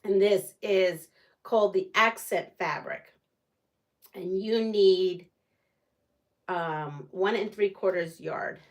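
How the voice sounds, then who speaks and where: A woman hosting a casual live quilting stream from her quilting room, chatting with viewers and laughing often. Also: mid-range voice. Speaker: quilting channel host. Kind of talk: casual live-stream chat while sewing.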